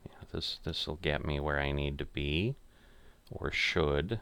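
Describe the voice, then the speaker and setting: A man's voice: very deep voice, slow, a bit bright, a little hiss or hum. An older man muttering casual, self-critical commentary as he plays a golf game. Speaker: gamer playing a golf simulator.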